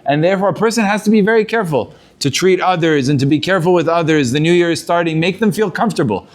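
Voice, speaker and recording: High-voiced rabbi telling a story. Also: male voice, quick pace. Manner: animated storytelling, mixing in Hebrew terms. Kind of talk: sermon to students.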